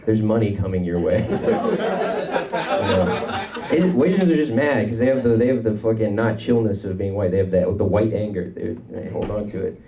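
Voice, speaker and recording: A man doing a rambling, deadpan, self-deprecating stand-up set on a comedy club stage. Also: on the low side, normal speed, muffled recording. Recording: club audio, mic at a distance, crowd audible.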